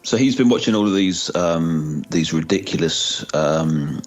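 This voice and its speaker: A man co-hosting a podcast, chatting in a quick, opinionated and dry way. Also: low-pitched, lively intonation, dull audio, soft background music. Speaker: podcast co-host. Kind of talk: casual chat.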